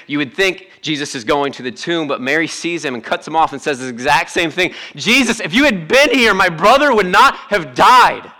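A man preaching a sermon to his church in a conversational, animated way, with joking asides. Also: medium pitch. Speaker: pastor.

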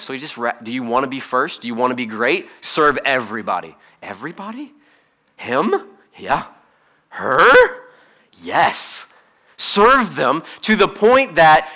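A man preaching a sermon in a conversational, humorous way, swinging between hushed asides and emphatic points. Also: on the high side. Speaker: pastor.

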